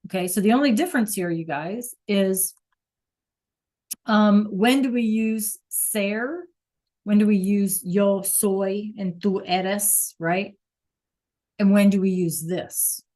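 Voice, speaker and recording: Unhurried chatty woman teacher. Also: medium pitch, warm tone. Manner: casual, chatty, explains with fillers. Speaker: Spanish teacher. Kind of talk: online class lesson.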